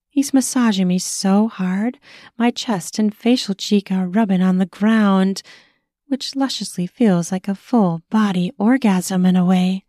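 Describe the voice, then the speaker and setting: A woman narrating a first-person erotic audio story in a slow, sensual reading voice. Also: mid-range voice, mellow, no room sound, clean studio sound.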